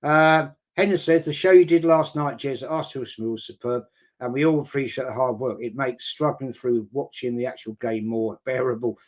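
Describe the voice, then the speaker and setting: A man's voice: mid-range voice, fairly even intonation, moderate pace. A middle-aged man, hosting a casual football chat and reading out viewer comments in a rambling, chatty way.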